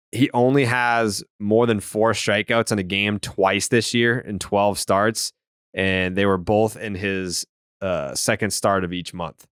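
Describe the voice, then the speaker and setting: Low-voiced man on a sports podcast. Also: a bit bright, clear, resonant tone, dry recording, clean studio sound. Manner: reads ad copy jokingly, rattles off baseball stats. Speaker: podcast host. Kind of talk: casual sports podcast chat.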